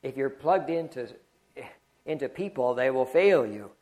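A man preaching a sermon and telling a personal story, moving between loud exclamations and quiet murmurs. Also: mid-range voice, animated, measured pace. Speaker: pastor.

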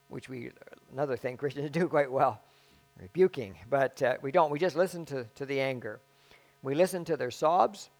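Man, pastor preaching a sermon, halting and chatty, frequent restarts, fairly high voice, faint mains hum. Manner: halting, self-deprecating, conversational with many restarts.

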